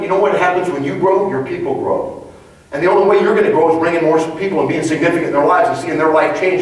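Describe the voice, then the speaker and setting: Motivational trainer, male, storyteller with quick rhetorical jabs, recorded from a distance in a big room. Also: fairly high pitch. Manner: animated storyteller, punchy rhetorical questions. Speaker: leadership trainer. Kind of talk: motivational speech to a live audience. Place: large conference hall. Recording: echoey hall, mic far off.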